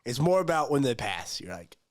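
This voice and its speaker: A man's voice: medium pitch, big pitch swings, a little fast. A man co-hosting a casual sports podcast, talking in a laid-back, teasing way and repeating phrases for effect. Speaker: podcast co-host.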